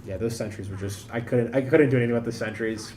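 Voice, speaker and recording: A man's voice: mid-range voice, fairly even intonation, quick pace, noisy background. Rambling man streaming a game. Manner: rambling, thinking aloud, self-interrupting. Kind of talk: casual live-stream commentary.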